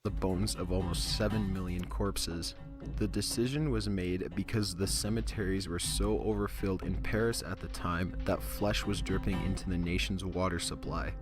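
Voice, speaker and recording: A man reading a scripted countdown narration in a measured, informative way. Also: low voice, fairly even intonation. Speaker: video narrator. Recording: narration over guitar music. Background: guitar music.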